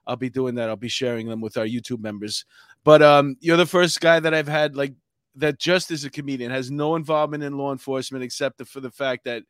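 A man's voice: medium pitch, steady tone, a little fast, smooth, dry recording, clean studio sound. A middle-aged man with a New York accent, hosting a casual chat show and rambling with many fillers. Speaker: podcast host.

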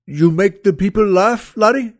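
Brief: man doing a big Libyan tough guy, Libyan accent, slow, serious, menacing, raised voice. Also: high voice, no echo, clean studio sound, voice pushed up, lightly acted. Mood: mock menace.

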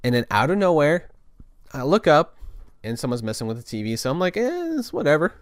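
A man's voice: medium pitch, lively intonation, brisk, clean tone, no echo. A young man telling a casual story in a loose, rambling way, full of restarts and filler words.

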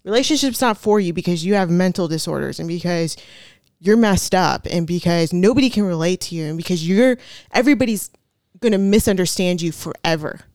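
A woman's voice: fairly low pitch, animated, a little fast, darkish tone, no room sound, studio quality. A woman chatting as a podcast guest, telling a personal story in a chatty way with many fillers and frequent laughs. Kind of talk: casual storytelling chat.

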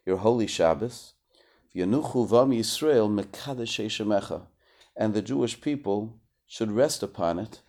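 A man giving a measured lesson on a prayer text, translating phrase by phrase and often repeating himself. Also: sits low, a little mellow. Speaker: Torah teacher.

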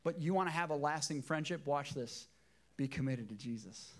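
A man's voice: a little high, moderate pace. A middle-aged man preaching a sermon as pastor, emotional and emphatic, repeating key phrases.

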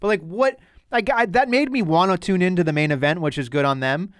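A man's voice: high-pitched, fairly quick, no room sound, clean studio sound. A man from the North Shore with a slight Boston accent, co-hosting a casual podcast and rambling through his opinions. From Massachusetts North Shore. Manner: rambling, self-interrupting opinions. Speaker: podcast co-host. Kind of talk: casual chat about pro wrestling.

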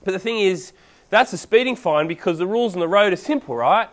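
A man preaching a sermon in a casual, animated storytelling way. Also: sits high, fairly quick.

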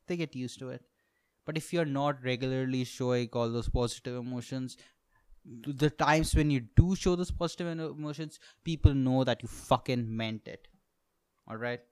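Profane ranting young man, smooth voice. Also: mid-range voice, no room sound, studio quality. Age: 20s. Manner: profane ranting, laughs at own jokes, sudden loud outbursts. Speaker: podcast host, stand-up comedian. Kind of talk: solo comedic monologue.

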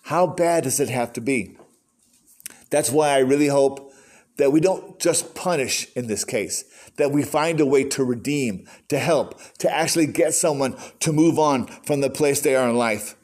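A man's voice: medium pitch, moderate pace, a little mellow. An older man preaching a sermon in a conversational storytelling way, acting out quotes. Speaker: pastor.

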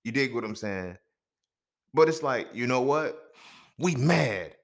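A young man hosts a solo podcast in a loose, conversational way. He talks bluntly, swears freely, and tells stories the way he would to a friend. His voice sits at an ordinary middle pitch for a man. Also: lively intonation, slow, creaky. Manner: blunt, profane, conversational storytelling. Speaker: podcast host. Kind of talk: casual solo commentary.

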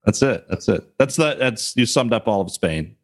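Laid-back low-voiced podcast host. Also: male voice, lively intonation, normal speed. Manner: laid-back, swears casually, playful. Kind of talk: casual podcast chat.

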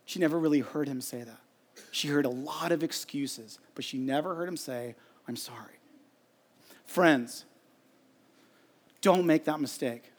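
Pastor guy preaching, earnest, tells stories w/ voices, kinda high voice. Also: moderate pace. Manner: earnest storytelling with quoted dialogue. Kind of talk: sermon.

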